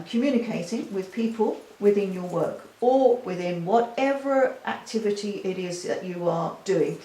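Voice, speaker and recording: A woman's voice: mid-range voice, dark tone, reverberant, rough recording. Chatty woman reading cards at home. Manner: chatty, reassuring, talks straight to the viewer. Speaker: tarot card reader. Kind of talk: casual spoken card reading. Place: her dining room at home.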